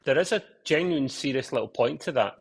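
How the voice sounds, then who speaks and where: A man's voice: medium pitch, lively intonation, fairly quick, breathy edge. Teasing man hosting a casual podcast. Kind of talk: casual chat.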